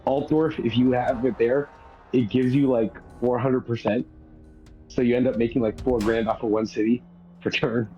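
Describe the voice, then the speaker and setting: A man's voice: mid-range voice, fairly even intonation, moderate pace, dark tone, dull audio, faint music behind. A man chatting casually, rambling through an explanation and laughing at his own points. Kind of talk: casual chat.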